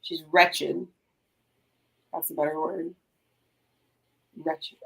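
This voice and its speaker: A woman's voice: sits low, flat delivery, extremely slow, vocal fry, a bit bright. A woman guest co-host on a casual reality TV recap, chiming in with agreeing remarks.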